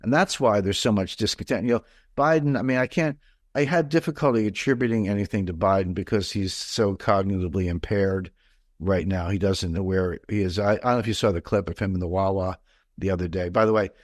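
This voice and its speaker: A man's voice: sits low, fairly quick, no echo, studio quality. A middle-aged man from the mid-Atlantic United States, talking as an interview guest in a rambling, digressive way with many fillers and restarts. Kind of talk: conversational interview.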